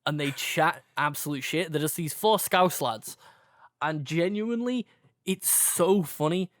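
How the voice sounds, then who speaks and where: A man's voice: on the high side, unhurried, fairly bright tone, no room sound, studio quality. A man, co-hosting a podcast in rambling, laid-back casual chat full of swearing. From England, near Liverpool. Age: 20s. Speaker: podcast co-host.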